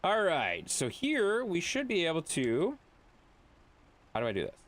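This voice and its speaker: A man's voice: high-pitched, wildly swooping pitch, a little slow, a bit bright. A young man streaming a game, ranting bluntly and profanely to his chat. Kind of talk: casual live-stream chat while gaming.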